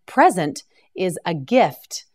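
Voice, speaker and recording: A woman teaching English vocabulary as a slow scripted drill, pronouncing each word carefully for learners to repeat. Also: fairly low pitch, sing-song, a little mellow.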